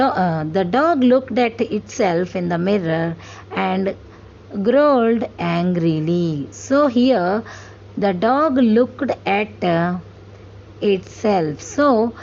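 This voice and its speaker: A woman's voice: mid-range voice, a little mellow. A woman teaching an English grammar lesson to children, explaining step by step and often checking that her listeners follow. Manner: slow, careful explaining with repeated check-ins. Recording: dull lo-fi sound with faint hiss.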